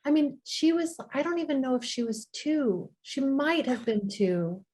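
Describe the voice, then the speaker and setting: A woman's voice: sits high, animated, measured pace, a little mellow, slightly rough. A woman in her thirties, a podcast guest, telling a personal story tenderly. She often stops and restarts her sentences and repeats words. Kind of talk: emotional podcast conversation.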